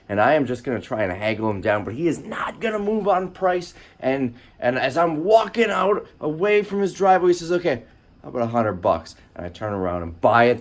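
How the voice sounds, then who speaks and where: A man chatting to the camera in a casual vlog, excited and self-mocking, talking from his car and at garage sales. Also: mid-range voice. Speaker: reseller vlogger.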